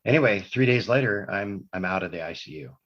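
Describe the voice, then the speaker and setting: A man with a lowish, fairly bright voice talks briskly and with animation as a podcast guest. He tells a long personal story in casual conversation, rambling through anecdotes and correcting himself as he wanders. The podcast audio is dull and lo-fi.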